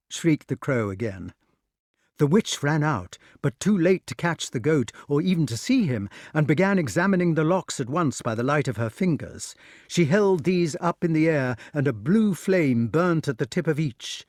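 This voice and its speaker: A man reading a fantasy novel aloud as an audiobook narrator, with expressive storytelling. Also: mid-range voice, moderate pace, no echo, clean studio sound. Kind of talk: scripted narration.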